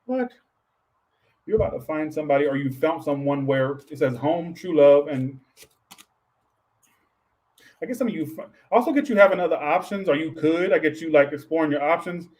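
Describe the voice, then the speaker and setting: A man's voice: a little high, moderate pace, long pauses, a little mellow, low-quality recording. Rambling, tired man reading tarot. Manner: rambling, chatty, peppered with "all right"; blunt, swears casually. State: tired, low on energy. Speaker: tarot reader. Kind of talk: casual livestream tarot reading.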